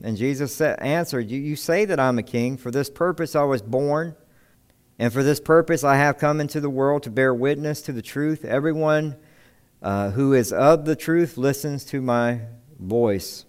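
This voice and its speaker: Man preaching, clear voice. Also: mid-range voice, normal speed. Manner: expository preaching with rhetorical questions. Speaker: pastor. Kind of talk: sermon.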